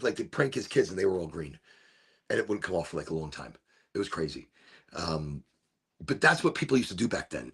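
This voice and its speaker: A middle-aged man from Chicago telling a rambling story on a live stream, animated and swearing, with sudden shouts when he acts out voices. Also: medium pitch. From Chicago, USA. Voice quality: gravelly and husky. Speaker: streamer hosting a smoke session.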